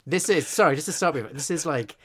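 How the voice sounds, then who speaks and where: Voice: medium pitch, lively intonation, fast. A co-host in a casual chat, making wry, teasing remarks. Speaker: podcast co-host.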